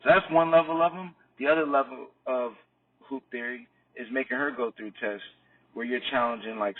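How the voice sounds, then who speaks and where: A man's voice: mid-range voice, fairly even intonation, moderate pace, far from the mic, phone-quality sound. A man coaching on dating in a loose, rambling talk, full of "you know what I mean" and acting out both sides of sample dialogues. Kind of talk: casual explanatory talk.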